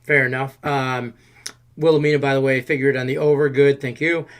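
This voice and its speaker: A man's voice: medium pitch, little pitch movement, a little fast. A man hosting a casual sports betting livestream, reading viewers' questions from the chat in a loose, joking way. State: out of breath. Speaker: show host reading chat.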